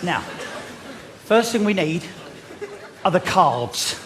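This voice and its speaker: A man doing a magic act on a theatre stage, bantering cheekily and loudly with the audience. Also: high-pitched, big pitch swings, takes it slowly. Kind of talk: comic stage patter with audience. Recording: live theatre with loud crowd and noise.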